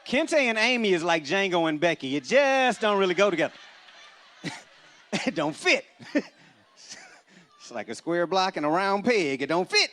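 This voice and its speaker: Animated stand-up comic man, fairly high voice. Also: normal speed, pauses often. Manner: animated, punchy storyteller with sudden loud bursts. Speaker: stand-up comedian. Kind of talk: stand-up comedy set. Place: church event stage before a live audience.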